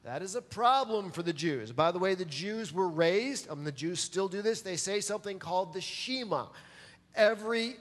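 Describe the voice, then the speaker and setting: A man's voice: high-pitched, lively intonation, moderate pace, a bit bright, in a large hall. A man preaching a sermon as pastor, emphatic and pressing his listeners to answer back. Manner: emphatic, calls for audience response.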